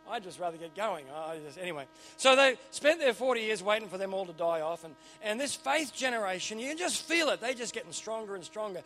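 A middle-aged Australian man preaching a sermon in a church, animated and joking with punchy repeated phrases. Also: high-pitched, a little fast, soft background music. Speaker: pastor.

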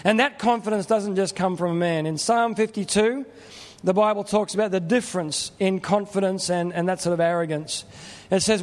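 A man's voice: sits high, fairly even intonation, fairly quick, in a large hall. A middle-aged man preaching a sermon in a plain-spoken, earnest, conversational way. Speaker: pastor.

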